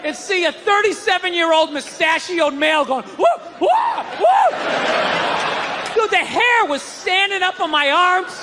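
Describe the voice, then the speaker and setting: A stand-up comic works a live room, his voice pitched unusually high as he rants and shouts his way through the bit. He slips in and out of other people's voices. Crowd sound and a steady noise floor sit under the whole recording. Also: normal speed, hardly any pauses. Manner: loud ranting delivery, often shouting, with voiced characters. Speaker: stand-up comedian. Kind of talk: stand-up routine. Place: comedy stage before a live audience.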